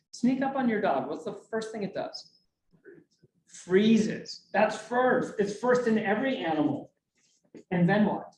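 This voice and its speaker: A man giving a motivational talk to a business group in a meeting room, jokey and full of questions to the audience. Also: sits high. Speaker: speaker. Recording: roomy, mic from a distance, faint hum.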